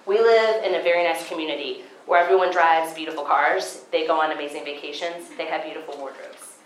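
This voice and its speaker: Animated woman giving a Christian seminar talk. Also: low-pitched, a little fast, echoey room, slight background noise, poor audio. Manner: animated storytelling, acting out her own past thoughts. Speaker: conference speaker.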